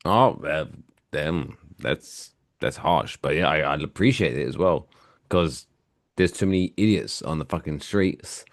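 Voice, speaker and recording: Low-voiced English man in his forties. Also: measured pace, dry recording, clean studio sound. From England. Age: 40s. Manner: profane, animated storytelling. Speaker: podcast co-host. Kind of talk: casual chat.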